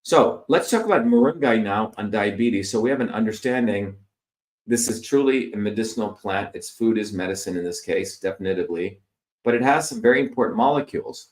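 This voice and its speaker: A man's voice: fairly low pitch, a little fast, reverberant. A middle-aged man from India, giving an explanatory lecture over slides and listing terms one by one with fillers. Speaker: presenter.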